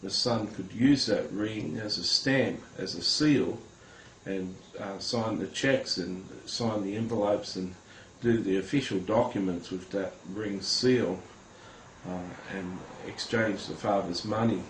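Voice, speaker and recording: Earnest low-voiced man giving testimony. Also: a little hiss or hum. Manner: earnest, halting, many hesitations, addresses viewers directly. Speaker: Christian recounting a vision. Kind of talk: personal testimony to camera. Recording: roomy with faint ambience.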